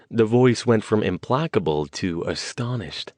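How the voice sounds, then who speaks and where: A man reads an audiobook in a measured, even storytelling way. His voice is very low and the recording is dry and close, with no room sound. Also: dry recording. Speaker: audiobook narrator. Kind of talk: scripted narration.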